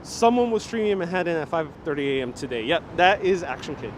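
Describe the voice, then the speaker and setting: A man's voice: a little high, sing-song, quick pace. A young man with a New York accent hosting a live stream while walking a city street, joking and reading out viewer comments. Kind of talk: casual live-stream chat. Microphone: wireless clip-on mic. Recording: loud street traffic behind.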